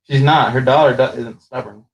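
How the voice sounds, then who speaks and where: A man hosting a casual chat, recapping a show in an animated, rambling way with frequent restarts. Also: medium pitch, normal speed, muffled recording. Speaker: show host.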